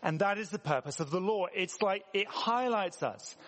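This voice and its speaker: The reverberant acoustics of a church hall surround this English preacher. With a high, expressive voice at a moderate pace, he delivers his sermon conversationally, asking the congregation questions.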